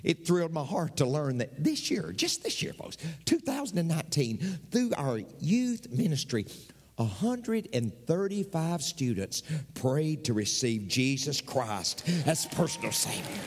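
A man preaching a sermon as pastor, swinging between sudden high bursts and slow, drawn-out lines. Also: sing-song, breathy edge. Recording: long hall reverb.

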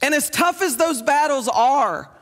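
A man preaching a sermon as pastor, telling stories in lively quick bursts. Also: very high voice. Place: church sanctuary. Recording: long reverb in a church hall with faint music.

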